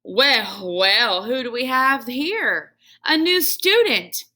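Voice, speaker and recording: A hearty, booming night janitor who cracks jokes and chats away to a class pet, put on by a woman reading a children's book aloud. The voice is bright and lively, with a gravelly edge underneath. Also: normal speed, exaggerated voice. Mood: friendly, chatty. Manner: hearty, joking, boisterous.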